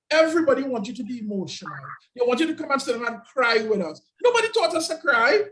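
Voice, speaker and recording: A man's voice: extremely high pitch, rough recording. A man giving an emphatic motivational talk over a video call, often repeating his key phrases. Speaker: guest speaker.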